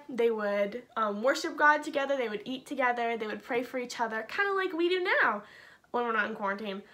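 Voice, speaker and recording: Chatty kids' church teacher, a woman, high and bright, easygoing and filler-heavy. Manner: bubbly, chatty, lots of "like". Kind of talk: casual children's Bible lesson.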